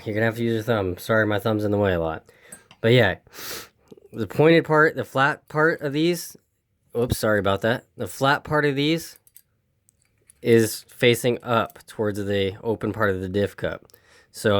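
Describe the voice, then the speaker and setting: A man casually walking through an RC car repair step by step, rambling and repeating himself with a voice that is giving out. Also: lowish voice. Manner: rambling, repeats instructions, apologizes for camera. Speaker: RC hobby video host. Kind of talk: casual how-to walkthrough.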